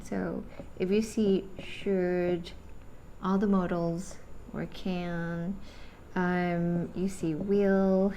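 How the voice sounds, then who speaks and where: Slow, deliberate woman teaching English. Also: on the low side, a little mellow, a little hiss or hum. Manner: slow, deliberate explaining with frequent "right?" checks. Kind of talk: grammar lesson.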